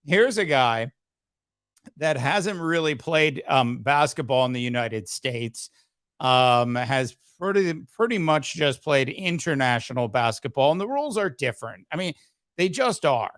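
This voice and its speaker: A man hosting a casual sports podcast, halting with many fillers and throat-clearing, his voice slightly hoarse. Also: medium pitch, big pitch swings, a bit bright, dry recording, clean studio sound. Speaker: podcast host. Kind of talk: casual sports talk livestream.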